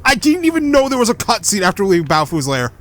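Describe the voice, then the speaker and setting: A man's voice: high voice, very animated, fast talker, fairly bright tone. A man giving casual let's-play commentary, chatty and swearing when annoyed. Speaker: gamer. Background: game music.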